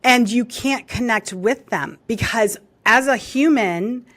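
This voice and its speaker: A middle-aged woman talking as an interview guest, animated and expressive, acting out the reactions she quotes. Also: a little high, takes it slowly. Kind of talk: interview conversation.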